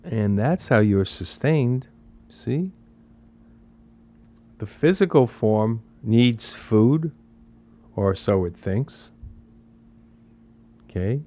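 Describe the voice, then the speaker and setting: A man's voice: medium pitch, animated, extremely slow, long pauses, dark tone. A man giving a spiritual talk in a conversational, emphatic way, repeating phrases and asking rhetorical questions. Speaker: spiritual teacher.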